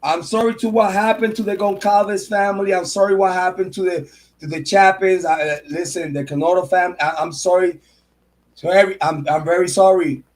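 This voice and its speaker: A man in his forties, a true crime channel host, giving an angry, profane, emotional livestream rant and repeating himself. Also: sits high.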